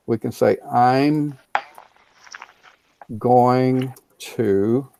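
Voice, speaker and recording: A man leads an online English lesson at an unhurried, careful pace, repeating key words so students can follow. His voice is gravelly, with a dry, close sound and no room echo. He explains grammar patiently and now and then offers a quick Spanish translation. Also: medium pitch, warm tone. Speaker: ESL teacher. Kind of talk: online class teaching.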